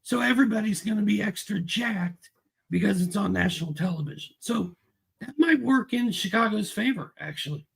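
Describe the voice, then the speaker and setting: A man co-hosting a casual sports chat as an analyst, relaxed and agreeable. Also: sits high, normal speed, vocal fry, husky. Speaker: co-host analyst.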